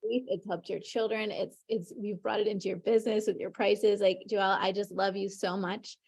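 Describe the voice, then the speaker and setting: Effusive woman host with a gravelly voice. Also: mid-range voice, steady tone, brisk, a little mellow. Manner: effusive, encouraging. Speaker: tapping coach and host. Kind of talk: warm encouraging interview.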